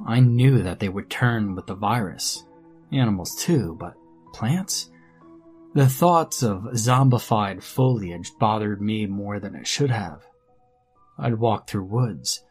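A man narrating a first-person horror story in a measured, grim storytelling manner. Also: on the low side, a little mellow. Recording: faint background music under narration.

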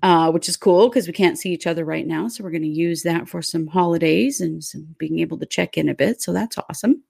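A woman's voice: on the low side, fairly quick, vocal fry, hardly any pauses, a little mellow, husky. An American woman co-hosting a live podcast stream, upbeat and rambling, often repeating words as she talks. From United States. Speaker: podcast co-host. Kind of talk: casual live-stream chat.

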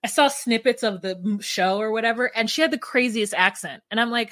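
A woman with a bright, sharp voice co-hosts a casual podcast, recorded dry and close. She speaks emphatically and opinionatedly, with plenty of fillers. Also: fairly high pitch, fairly quick, no room sound. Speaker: podcast co-host. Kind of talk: casual chat recapping a reality show.

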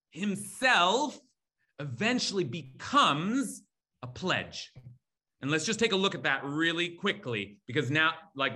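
A man's voice: fairly high pitch, bright, forceful tone. A man teaching a lecture on scripture, emphatic and repetitive, reading Hebrew words aloud and correcting himself as he goes. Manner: emphatic, repeats key words, reads Hebrew terms aloud; thinks aloud with fillers and self-corrections. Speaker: Torah teacher. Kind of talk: animated biblical lecture.

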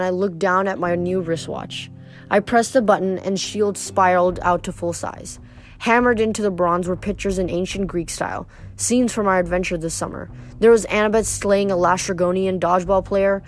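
A woman reading a novel aloud expressively, with occasional slips and restarts. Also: lowish voice. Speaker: reader.

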